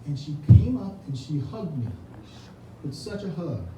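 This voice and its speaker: A man's voice: fairly high pitch, very animated, measured pace. Earnest tearful man giving a campaign speech. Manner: earnest, heartfelt, repeats words when moved. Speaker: political candidate. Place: indoor reception room. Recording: echoey room, distant mic, ambient noise.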